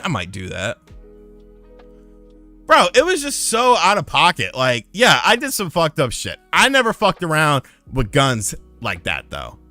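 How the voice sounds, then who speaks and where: Animated, swearing male streamer. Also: fairly high pitch, normal speed, few pauses, faint music behind. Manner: profane, animated, acts out dialogue. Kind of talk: casual storytelling on a stream.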